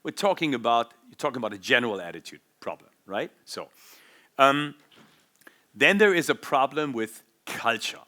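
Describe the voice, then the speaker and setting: A male speaker at a business forum explains his points with lively examples. His voice is bright and forceful. He sits at a medium pitch. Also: normal speed. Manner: animated, explanatory, uses vivid examples. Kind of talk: conference talk.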